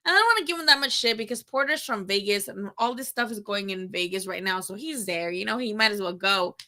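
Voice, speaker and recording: A young woman hosting a casual boxing livestream, rambling, animated and profane. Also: medium pitch, fast. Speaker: boxing channel host.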